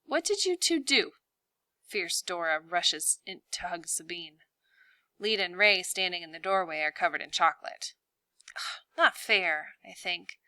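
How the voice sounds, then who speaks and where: A woman teacher reading a novel aloud, slow and deliberate. Her tone is bright and crisp, and the recording is close and dry. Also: lowish voice, fairly even intonation, dry recording.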